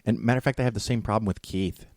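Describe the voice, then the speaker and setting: A man hosting a podcast interview, talking in a friendly, halting way and tripping over his words. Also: lowish voice, a little mellow, no echo, clean studio sound. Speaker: podcast host. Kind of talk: casual interview.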